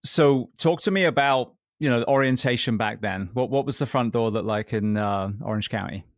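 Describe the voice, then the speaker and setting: A male podcast host and firefighter, asking questions in a relaxed, conversational way. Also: medium pitch, moderate pace, dry recording, studio quality. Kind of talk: casual interview chat.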